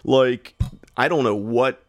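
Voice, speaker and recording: A man's voice: medium pitch, slow, dry recording, studio quality. A man co-hosting a podcast, telling a rambling, profane anecdote in a casual chat full of "like" fillers. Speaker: podcast co-host.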